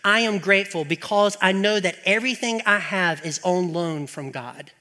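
A middle-aged man preaching in a church sanctuary, his high, bright voice ringing out with a long hall reverb. He swings into animated, exasperated rants full of rhetorical questions, then settles back into earnest teaching. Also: normal speed. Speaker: pastor. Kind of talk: sermon.

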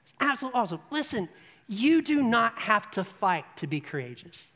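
An animated preacher tells a story, building to emphatic peaks and checking in with the listeners. The voice sits at a middling pitch and carries a long, echoing hall reverb. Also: brisk. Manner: asks the audience "right?". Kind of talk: sermon storytelling.

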